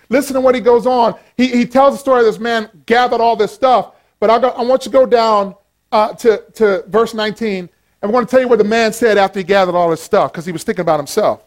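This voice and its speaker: A man preaching a sermon, animated and playful, swinging from loud exclamations to low asides and joking with the congregation. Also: quick pace. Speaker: pastor.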